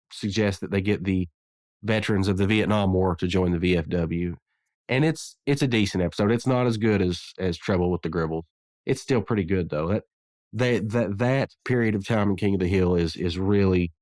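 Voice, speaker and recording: Rambling man with a low, dry voice. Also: darkish tone, no echo. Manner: rambling, many restarts and fillers. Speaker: podcast host. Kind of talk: casual chat.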